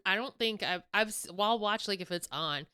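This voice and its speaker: A young woman co-hosting a podcast in casual chat, animated and laughing often. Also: medium pitch, fairly quick, clean tone, dry recording, clean studio sound. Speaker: podcast co-host.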